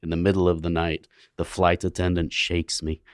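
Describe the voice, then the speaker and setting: A man's voice: sits low, level tone, normal speed, clear, resonant tone, no room sound. A middle-aged man from England, his English accent drifted toward mid-Atlantic, answering interview questions with dry, self-deprecating humor. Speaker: guest scientist. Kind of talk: relaxed interview talk.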